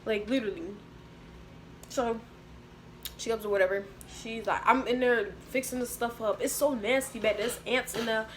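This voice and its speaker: A young woman tells a story to her camera in a lively, slangy way, slipping into the voices of other people as she goes. Her voice sits on the higher side, with a faint hiss of noise under it. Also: moderate pace. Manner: animated slangy storytelling, acts out others' lines. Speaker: vlogger. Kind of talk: storytime vlog.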